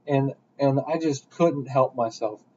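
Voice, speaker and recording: A man's voice: mid-range voice, unhurried, breathy edge. Rambling young man, dull lo-fi sound. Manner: rambling storyteller, animated bursts. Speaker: podcast host. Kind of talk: casual chat.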